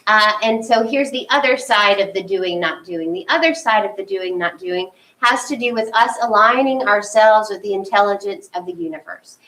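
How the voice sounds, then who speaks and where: Animated woman preaching from afar. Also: medium pitch, normal speed, few pauses, recorded from a distance, low-quality recording. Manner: animated, acts out her own inner thoughts. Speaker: spiritual leader. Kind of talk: conversational sermon.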